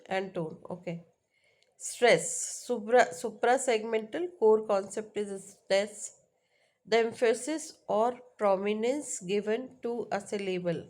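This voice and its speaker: Slow-paced woman teacher. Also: mid-range voice, a little mellow. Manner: slow, repeats key points with frequent "right?". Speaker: English teacher. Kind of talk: explaining a lesson.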